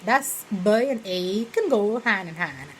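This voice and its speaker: A young woman with a Bahamian accent talks through a casual vlog in a relaxed, rambling way. Her voice sits in a middle pitch, and she often breaks into animated little quoted examples. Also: slow pace, a little hiss or hum, rough recording. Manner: chatty, rambling, full of "you know" fillers; slips into lively quoted examples. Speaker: vlogger.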